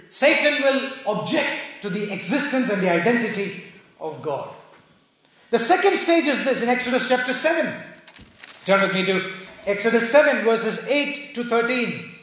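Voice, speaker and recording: Man, preacher, sermon, very high voice, emphatic rhetorical questions, booming echo. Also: fairly bright tone. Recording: very echoey hall.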